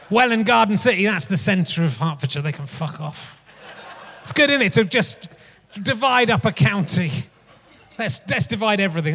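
A high, somewhat bright-voiced man in his fifties rambles through anecdotes on stage, hosting his comedy podcast as a chatty, profane stand-up monologue. The theatre's hall reverb is audible in the live recording.

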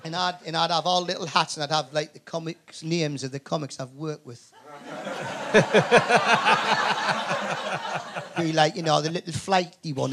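Geordie comic, male, higher voice, lively raconteur who trips over his words. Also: noisy background. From north-east England. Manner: animated storyteller, frequent stammered restarts, swears. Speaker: comedian guest. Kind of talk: live podcast chat. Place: comedy club stage.

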